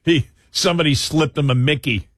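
A man's voice: on the high side, brisk, fairly bright tone, no room sound, clean studio sound. A man co-hosting a late-night talk radio show, chatting casually with many restarts and stammers.

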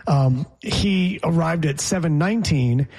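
Husky man riffing on a sports talk show. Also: on the high side, a little slow, a little mellow. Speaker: co-host.

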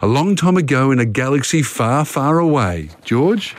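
A man's voice: medium pitch, big pitch swings, moderate pace, no echo. Chatty man hosting radio quiz. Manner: chatty, reads questions then talks them through. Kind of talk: casual radio quiz chat.

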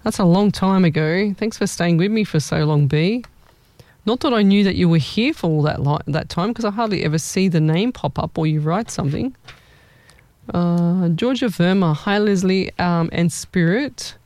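A woman's voice: lowish voice, moderate pace, darkish tone, dry recording. A woman hosting a live-stream as a psychic medium, chatty and rambling, often repeating her words. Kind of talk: live-stream readings for viewers.

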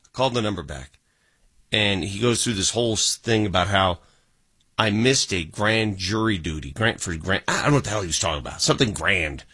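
A man's voice: lowish voice, brisk, slightly rough, dry recording. A man hosting a casual talk radio show, telling stories animatedly and acting out the dialogue. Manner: animated storytelling, acts out quoted dialogue.

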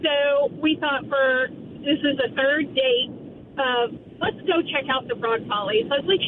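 A woman's voice: sits high, moderate pace, slight background noise. A woman in her thirties calling in to a radio show, telling a funny story with lots of laughter and acted-out voices. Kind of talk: casual storytelling on air. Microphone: telephone. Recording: tinny phone line.

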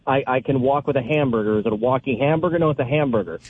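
A male caller comes through a tinny phone line with a faint hiss behind him. He teases and argues with lively, animated banter. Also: medium pitch, rapid-fire. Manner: teasing, animated, argumentative. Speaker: radio show caller. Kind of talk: call-in radio banter.

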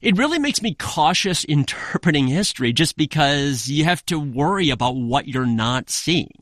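A male author, a guest on a radio interview, talking in a thoughtful, measured way with frequent hedges. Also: on the high side, big pitch swings, a bit bright, dry recording, studio quality.

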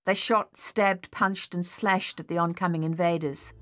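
A woman narrating an audiobook in a measured, steady storytelling manner. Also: fairly low pitch, faint music behind. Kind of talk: scripted narration.

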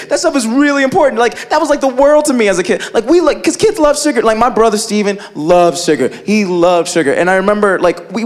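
A man doing stand-up comedy, telling a family story in an animated way, filling his talk with "like" and acting out his relatives. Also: high-pitched. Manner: animated, loads of "like" fillers, acts out family members.

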